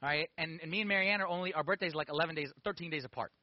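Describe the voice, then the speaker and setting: Fast, high-voiced man telling his story. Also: dry recording, highs cut off. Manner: animated storytelling with frequent "okay?" and "like". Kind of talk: personal testimony sermon.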